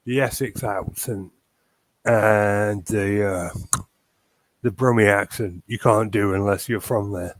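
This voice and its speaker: A man's voice: lowish voice, steady tone, takes it slowly, no echo. A man co-hosting a podcast in casual chat, making blunt, matter-of-fact remarks. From Northern Ireland. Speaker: podcast co-host.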